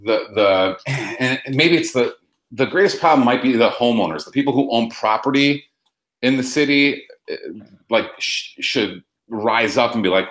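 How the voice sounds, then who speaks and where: A man's voice: medium pitch, lively intonation, normal speed, fairly bright tone. A young adult man hosting a casual radio talk show, cursing freely and rambling through his stories. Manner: profane, rambling. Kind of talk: casual chat. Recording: echoey room.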